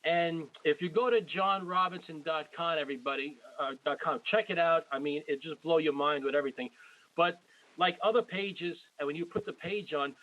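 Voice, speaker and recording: A man's voice: fairly high pitch, fairly even intonation, fairly quick, a bit bright. Effusive man in his forties, muffled line. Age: 40s. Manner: effusive, rambling, repeats himself. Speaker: podcast host. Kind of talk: casual interview.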